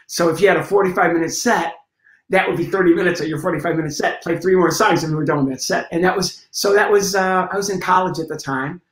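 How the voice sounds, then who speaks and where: Middle-aged male comic, lively raconteur, acts out the scenes, roomy echo on the track. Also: high-pitched, quick pace. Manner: lively storyteller, acts out scenes and sound effects. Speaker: guest comedian. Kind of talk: storytelling in a conversation.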